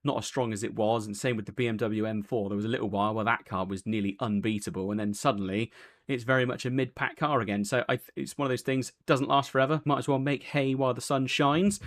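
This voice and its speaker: A man's voice: mid-range voice, fairly even intonation, fast talker, a bit bright. A man hosting a post-race interview, talking in a chatty, rambling way with lots of fillers and self-corrections. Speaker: race broadcast host.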